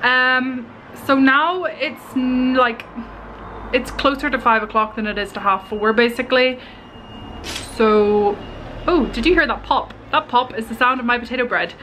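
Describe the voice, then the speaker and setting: A woman's voice: a little high, unhurried, a bit bright. Giggly young woman vlogging. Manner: rambling, giggly, lots of "like". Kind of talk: chatty life-update vlog. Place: home kitchen, indoors. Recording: noisy home camera recording.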